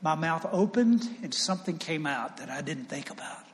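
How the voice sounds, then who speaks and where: A man preaching a sermon, telling a personal story in an animated, folksy way with chuckles. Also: on the high side, moderate pace. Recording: long reverb, faint ambience.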